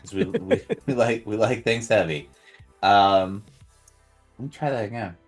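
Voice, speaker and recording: A man co-hosting a podcast in casual chat, halting with many uhs and restarts. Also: lowish voice, animated, soft background music. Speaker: podcast co-host.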